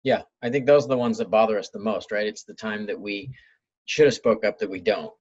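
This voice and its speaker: A man's voice: on the low side, fairly quick, a little mellow, muffled recording. A man hosting an interview, asking questions and giving short supportive reactions. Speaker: podcast host, interviewer. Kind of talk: conversational interview.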